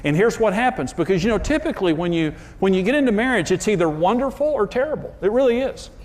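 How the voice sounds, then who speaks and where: A man's voice: high voice, expressive, quick pace, a little mellow. Candid, self-mocking male preacher. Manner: candid, self-deprecating storytelling; emphatic, building up to punchlines. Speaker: marriage speaker. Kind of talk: preaching talk with personal stories.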